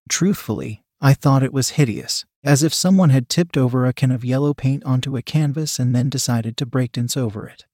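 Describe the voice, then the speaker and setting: A man narrates a first-person story in a measured, sardonic way. His pitch is ordinary and his tone somewhat dark, and the recording sounds dry and close.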